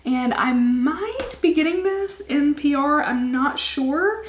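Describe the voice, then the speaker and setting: A woman's voice: high-pitched, lively intonation, takes it slowly, reverberant, slight background noise. A young woman, a beauty vlogger, chatting casually to camera in a rambling way with lots of ums, her voice starting to wear out.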